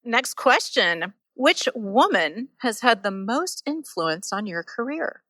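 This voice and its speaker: A woman's voice: on the high side, big pitch swings, slow pace, bright, forceful tone, no room sound. A woman hosting an interview podcast in an upbeat, playful manner, on stage at a bar. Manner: upbeat, playful, reads sponsor spots. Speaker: podcast host.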